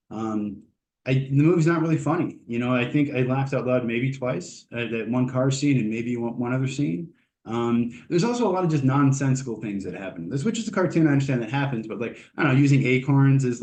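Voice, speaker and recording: A man's voice: mid-range voice, darkish tone, reverberant. A man hosting his channel, giving a casual spoken movie review in a rambling, opinionated way with many fillers and restarts. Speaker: host.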